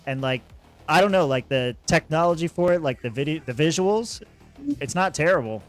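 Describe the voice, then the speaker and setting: A man's voice: on the high side, expressive, normal speed, soft background music. A man hosting a podcast in easygoing casual chat, laughing often. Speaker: podcast host.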